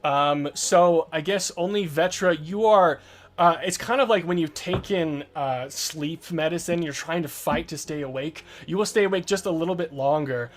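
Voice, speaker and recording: A man narrating a tabletop game as game master, describing scenes in an unhurried way full of fillers. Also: a little high.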